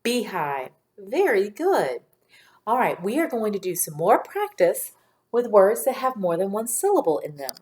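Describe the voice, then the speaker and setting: A woman teaching a phonics lesson to young children in a patient, clear teacher voice, sounding out letters one by one. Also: medium pitch, big pitch swings, unhurried, darkish tone.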